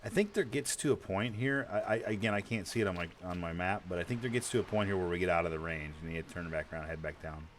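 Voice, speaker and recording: A man's voice: sits low, fast, few pauses, a little hiss or hum. A man streaming an online game, chatting casually with a teammate, stammering and repeating words and swearing offhand. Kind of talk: casual gaming chat.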